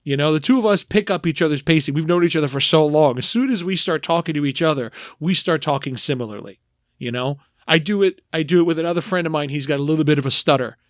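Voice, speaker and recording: A man's voice: on the high side, quick pace, no echo, studio quality. A man co-hosting a podcast, talking about films in a rambling, emphatic way with many restarts. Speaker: podcast co-host. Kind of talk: casual film discussion.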